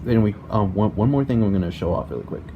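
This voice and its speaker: A young man explaining a music game tutorial in a halting way, repeating words and filling with "basically" and "like", recorded on a laptop mic at home. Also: fairly low pitch, phone-quality sound, noisy background. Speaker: tutorial maker. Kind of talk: casual screen-recorded tutorial.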